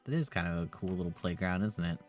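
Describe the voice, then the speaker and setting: A man's voice: low-pitched, fast talker, soft background music. A man playing a story game on stream, reading the characters' lines aloud in a mostly plain voice and adding jokey asides. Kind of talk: casual gameplay commentary, reading dialogue aloud.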